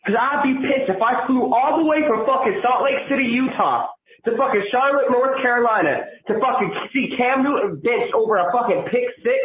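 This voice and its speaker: A man calling in by phone to a podcast, ranting angrily and cursing, often yelling. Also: extremely high pitch, lively intonation, brisk, a little hiss or hum. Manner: profane, yelling, heated. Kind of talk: angry fan rant over the phone. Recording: tinny phone line, echoey.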